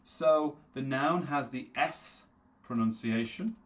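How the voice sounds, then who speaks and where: A man runs a live online English class, speaking at an ordinary middle pitch. He says words slowly, over and over, to drill their sounds. He also reads out viewers' names from the chat and answers them. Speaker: English teacher.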